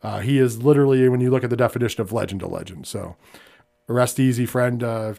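A man's voice: medium pitch, fast talker, vocal fry. Casual American man hosting a podcast. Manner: conversational, many fillers, drops quiet when somber. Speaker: podcast host.

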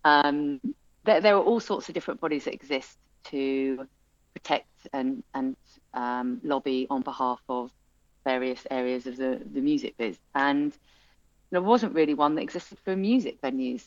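Low-voiced woman, chatty and animated. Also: normal speed, no room sound, highs cut off. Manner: chatty, animated storytelling with many fillers and restarts. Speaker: music venue owner. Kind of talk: interview conversation.

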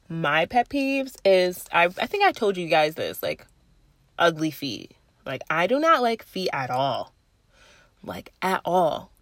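A woman's voice: lowish voice, dry recording. A young woman chatting casually to camera, blunt and profane, often laughing at herself mid-sentence.

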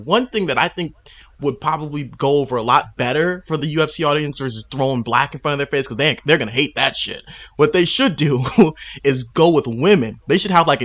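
A man's voice: on the high side, fairly bright tone, highs cut off. A man co-hosting a casual podcast chat, giving passionate, fired-up opinions.

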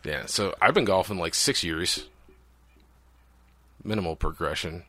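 A man's voice: deep voice, expressive, measured pace, a bit bright, no room sound. A man co-hosting a casual podcast, joking and boasting in easygoing banter. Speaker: podcast co-host. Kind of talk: casual chat.

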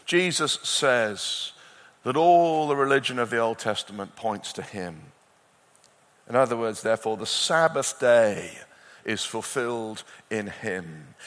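A man preaching a sermon to a conference crowd, his voice moving between loud urgency and quiet intensity. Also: mid-range voice, animated, slow. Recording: long hall reverb.

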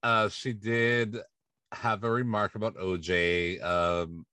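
A man with a very low voice hosts a casual podcast chat and walks through gossip stories in a relaxed, chatty way. The sound is close and dry, with no room echo. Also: takes it slowly. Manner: relaxed, chatty recapping of celebrity news. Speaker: podcast host.

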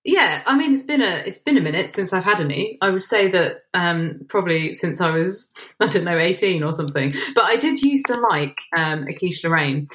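A woman co-hosting a casual chat, animated and quick to laugh, with plenty of fillers. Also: lowish voice. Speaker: podcast co-host.

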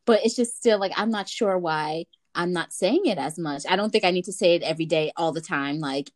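A young woman with a slightly low voice talks in a loose, chatty way. She fills her sentences with likes and you knows, relaxed and open. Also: fairly quick. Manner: relaxed, chatty, many fillers. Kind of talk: casual family chat.

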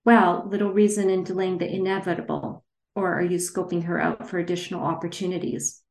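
A woman reading as a smooth Italian schemer. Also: sits high, level tone, a little fast, darkish tone. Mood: smooth, scheming. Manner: smooth, easygoing flair. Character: scheming smooth-talking Italian man, a con partner. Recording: roomy echo.

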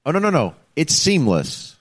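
A man's voice: a little high, moderate pace. A man, a former state trooper, telling a story in casual chat and acting out the voices of the people in it. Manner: animated storyteller, acts out the people he quotes.

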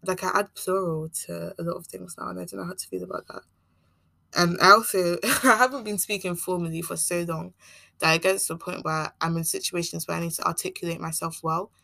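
A woman's voice: on the low side, fairly even intonation, a little fast, gravelly, bright, forceful tone, dry recording. A young woman from Nigeria with a mixed Nigerian and American accent, hosting a casual solo podcast and rambling chattily with frequent laughs. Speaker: podcast host.

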